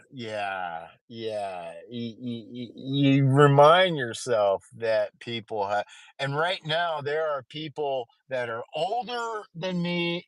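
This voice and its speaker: A man spins a casual story in a slow, drawn-out delivery. His pitch swoops and leaps as he talks, and he swears freely. The sound is close and dry. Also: no echo, poor audio. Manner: animated, profane storytelling.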